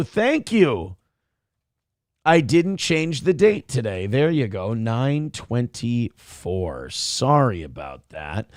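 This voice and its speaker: A man's voice: on the high side, no echo, clean studio sound. A man from Minnesota hosting an internet morning show, reading viewer donations aloud and riffing on the news in a crude, blunt, sarcastic way. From Minnesota, USA.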